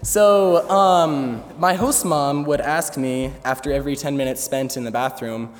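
A man's voice: medium pitch, measured pace, hardly any pauses, slight background noise. A young man telling a funny story to an audience, hesitant with many fillers, laughing along. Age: young adult. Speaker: student speaker. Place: large hall before an audience. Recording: echoey hall, faint ambience.

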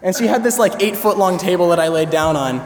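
Young male student storyteller, slightly high voice, halting and filler-heavy, long hall reverb. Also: darkish tone, a little hiss or hum. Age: young adult. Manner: hesitant, many fillers, laughs through the story. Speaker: student speaker. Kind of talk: storytelling speech to an audience. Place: large hall before an audience. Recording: echoey hall, faint ambience.

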